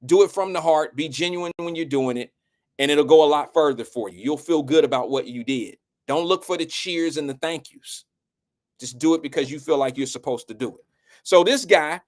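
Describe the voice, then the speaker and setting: A man hosting a live show, giving blunt and preachy casual commentary. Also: fairly high pitch.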